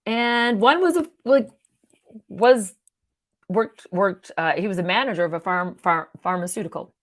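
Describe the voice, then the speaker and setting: A woman's voice: mid-range voice, measured pace. A woman hosting her own live stream, talking casually in a rambling, jokey way. She laughs often, trails off and restarts her sentences.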